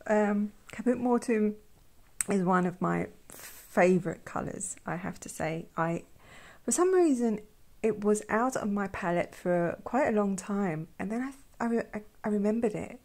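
Soft-spoken lady with a slow gravelly fry, whispery and gushing. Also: mid-range voice, lively intonation. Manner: gushing, effusive, trails off into whispers. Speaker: art vlogger. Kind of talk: soft-spoken swatching commentary.

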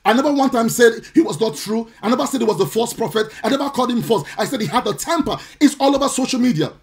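Indignant high-voiced preacher, forceful repeats. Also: male voice, lively intonation, fast. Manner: forceful, repetitive, indignant, sometimes sing-song cadence. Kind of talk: impassioned preaching on a live stream. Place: home or church, streaming live.

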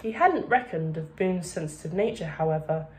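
A woman reading a children's book aloud with steady, expressive narration. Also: fairly low pitch, normal speed. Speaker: reader. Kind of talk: storybook read-aloud.

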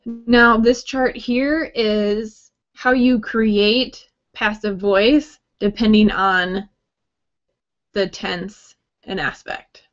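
Woman teaching a writing workshop, slow and friendly, slightly muffled lo-fi recording. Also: medium pitch, steady tone. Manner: friendly, explanatory, light joking asides. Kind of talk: recorded grammar lesson talk.

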